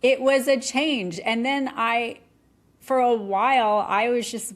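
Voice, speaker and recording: A middle-aged woman talking candidly on a podcast, animated and often laughing. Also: a little high, a little slow. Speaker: podcast guest. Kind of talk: conversational podcast talk.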